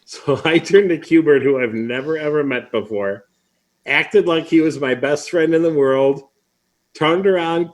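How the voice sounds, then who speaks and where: A man hosting a live online event, chatting casually and telling a story with lively asides. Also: fairly high pitch, measured pace. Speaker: host. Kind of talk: casual live-stream chat.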